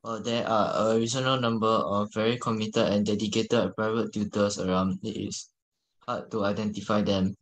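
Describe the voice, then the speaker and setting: A male student reading a passage aloud to his tutor in a careful, steady way. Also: lowish voice, normal speed, poor audio.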